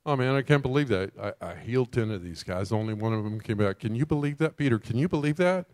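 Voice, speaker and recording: A man's voice: mid-range voice, expressive, fast talker, a little mellow, no room sound, pitched below the performer's own voice, close to an everyday voice. A man voicing an exasperated grown man who grumbles and complains, whiny and incredulous, repeating his questions in disbelief. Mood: grumbling.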